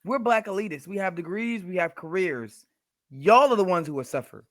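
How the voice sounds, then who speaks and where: A man's voice: high voice, lively intonation, moderate pace, no room sound, studio quality. A man co-hosting a casual podcast, talking in a laid-back, blunt and repetitive way. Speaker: podcast co-host.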